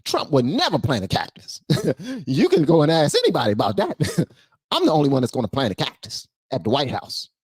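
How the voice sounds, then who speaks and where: A man's voice: medium pitch, wildly swooping pitch, a little fast, husky. A man putting on a mocking voice of a female politician, rambling in slang about redecorating. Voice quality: rambling, slangy and sing-song.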